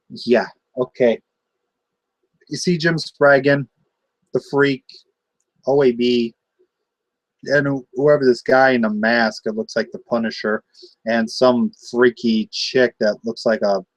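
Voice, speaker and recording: A man's voice: medium pitch, no room sound. A man hosting a wrestling show, cutting a taunting, sarcastic trash-talk promo.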